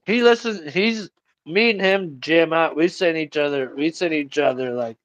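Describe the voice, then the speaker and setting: Teasing higher-voiced co-host man. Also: moderate pace, fairly bright tone, highs cut off. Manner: teasing, joking, profane. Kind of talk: casual live-show chat.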